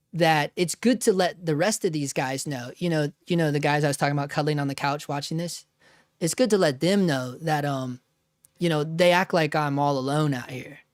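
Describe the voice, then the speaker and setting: A man's voice: on the high side, dry recording, clean studio sound. A man hosting a casual live stream at home, rambling, joking and often laughing at himself while reading chat. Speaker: livestream host.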